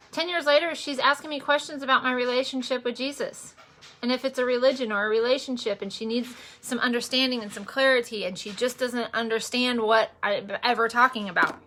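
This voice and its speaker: A woman's voice: a little high, pushed and bright. A woman, likely in her forties, chatting casually through a makeup vlog, rambling with lots of fillers and growing earnest about her faith. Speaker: makeup vlogger and direct seller.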